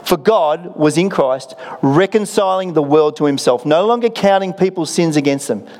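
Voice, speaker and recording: A middle-aged Australian man preaches a sermon, slipping into easy anecdotes and gentle jokes at his own expense. His voice sits a little high for a man. The sound rings with the long reverb of a large hall. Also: animated, moderate pace. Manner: conversational storytelling with self-deprecating humour. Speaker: pastor. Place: church auditorium.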